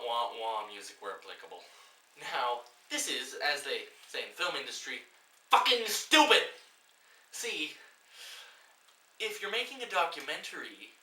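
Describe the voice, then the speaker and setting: A man giving a sarcastic, profane comedy film review that builds into loud exasperated outbursts. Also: mid-range voice. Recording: roomy echo, distant mic, faint hiss.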